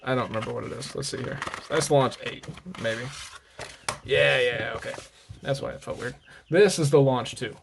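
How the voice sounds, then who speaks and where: A man's voice: mid-range voice, moderate pace, vocal fry, slight background noise. A man hosting a casual show-and-tell vlog, chatty and rambling, often correcting himself, slightly out of breath. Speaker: host of a knife and gear channel.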